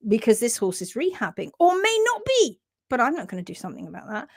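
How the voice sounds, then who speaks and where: A woman's voice: a little high, moderate pace, no echo, clean studio sound. A British woman hosting a live stream for horse owners, talking earnestly and reading out viewer comments. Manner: earnest and animated, with sudden whispers and laughs.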